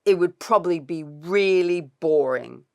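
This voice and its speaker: A woman's voice: fairly low pitch, a little slow, gravelly, dark tone, dry recording. A woman voicing a mischievous axe-swinging Viking boy with a blunt, shrugging manner.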